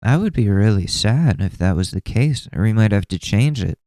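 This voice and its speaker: A man's voice: on the low side, animated, normal speed, warm tone, no echo, studio quality. A man hosting a podcast in a casual, rambling way, swearing often and mocking what he sees. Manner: profane, rambling, sarcastic. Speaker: podcast host.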